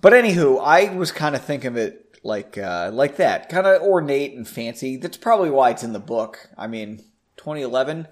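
A man's voice: medium pitch, very animated, normal speed. A man hosting his own podcast from his basement, chatting casually and rambling, often poking fun at himself. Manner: self-deprecating, rambling, laughs at himself. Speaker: podcast host. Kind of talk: casual solo podcast chat. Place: home basement.

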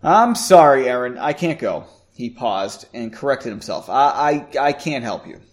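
A man's voice: medium pitch, big pitch swings, measured pace. A man voicing a guarded man who coldly refuses to help in a read-aloud story. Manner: curt, cold.

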